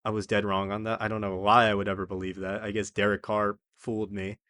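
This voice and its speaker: A man's voice: fairly low pitch, little pitch movement, quick pace, fairly bright tone, dry recording. Chatty young man, dry close sound. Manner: chatty, rambling, self-correcting. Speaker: sports video host. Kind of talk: casual sports prediction talk.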